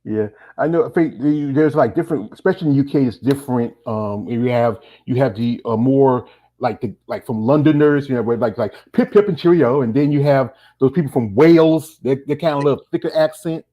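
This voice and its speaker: A man from North Carolina hosts a casual interview at a brisk clip. He rambles a bit and tells stories, speaking in a mid-range voice. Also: mid-range voice, highs cut off. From North Carolina, USA. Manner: rambling, talkative, tells anecdotes. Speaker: interview host.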